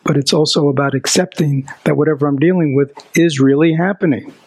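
This dharma teacher gives a Buddhist talk in a brisk, slightly rough, fairly high male voice, captured on a low-quality recording. He animatedly poses rhetorical questions to his listeners and sinks into a whisper for emphasis.

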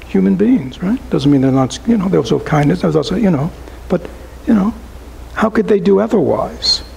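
A man giving a relaxed, conversational dharma talk to a small group as a Buddhist teacher, often asking rhetorical questions and adding "right?". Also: on the high side, vocal fry, slight background noise, rough recording.

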